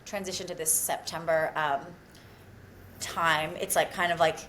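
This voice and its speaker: A woman's voice: low voice, steady tone, unhurried, slight background noise, rough recording. Chatty woman hosting with an American accent. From Australia. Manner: warm, chatty, heavy on fillers like "um" and "like". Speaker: podcast host. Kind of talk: casual podcast chat.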